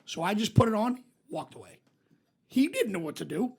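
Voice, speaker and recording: Gravelly, profane man telling stories. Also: high-pitched, big pitch swings, normal speed, a little mellow. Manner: profane, rowdy storyteller. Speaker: podcast co-host. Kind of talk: casual chat.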